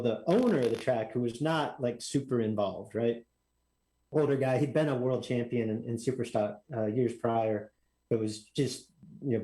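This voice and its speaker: Guy on a podcast, telling a racing story, gets loud and animated doing other people's lines. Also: medium pitch, low-quality recording. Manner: animated, acts out quotes in raised voice. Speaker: guest drag racer. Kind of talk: casual storytelling.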